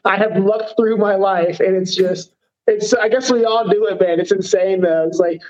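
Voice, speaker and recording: A man's voice: high voice, fairly even intonation, moderate pace, a little mellow, highs cut off. A man, a professional fighter, talking casually in an interview, rambling with many fillers and poking fun at himself. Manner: rambling, self-deprecating, lots of fillers.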